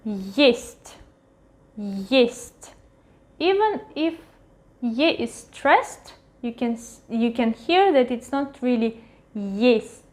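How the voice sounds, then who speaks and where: A woman teaching a pronunciation lesson at a whiteboard, repeating each word slowly several times. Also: sits high, expressive, darkish tone. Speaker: language teacher. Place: at a whiteboard with a marker.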